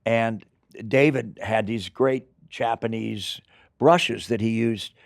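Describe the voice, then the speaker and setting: An older man, an actor, telling rambling, animated stories in an interview, with acted asides. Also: fairly low pitch, takes it slowly, gravelly, no echo, clean studio sound. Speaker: actor guest. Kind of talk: anecdotal interview storytelling.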